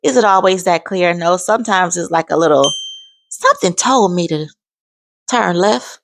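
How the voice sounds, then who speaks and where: A woman's voice: on the low side, normal speed, creaky, a little hiss or hum. A woman in her forties sharing an emphatic, heartfelt faith testimony in a vlog. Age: 40s. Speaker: vlogger.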